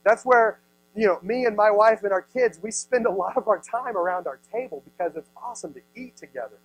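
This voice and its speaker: A man's voice: high voice, brisk, dry recording, highs cut off. A man in his thirties, a youth pastor, giving a playful sermon and acting out the people in the story. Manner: playful, acts out voices, many "like"s. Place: youth service room.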